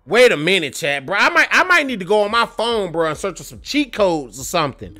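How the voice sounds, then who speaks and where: Young guy streaming a game, cussing and trash talking, voice jumps all over, bright edge, faint music behind. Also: high-pitched, very animated, fairly quick. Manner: profane, trash-talking and frustrated, with loud outbursts. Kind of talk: gameplay livestream commentary.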